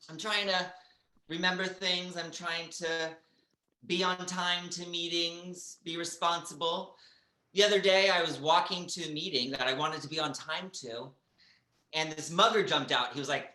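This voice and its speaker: A stand-up comedian doing a halting, filler-heavy set with giggles between jokes on a small theater stage. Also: mid-range voice, fairly even intonation, sharp tone, echoey room.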